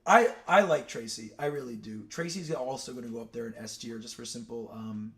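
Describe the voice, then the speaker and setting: A man's voice: mid-range voice, lively intonation, moderate pace, hardly any pauses, a bit bright. A young man chatting casually on a stream, telling rambling stories full of fillers and side tracks. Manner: rambling, digressive storytelling with many fillers. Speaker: streamer ranking cartoon characters. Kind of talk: casual chat.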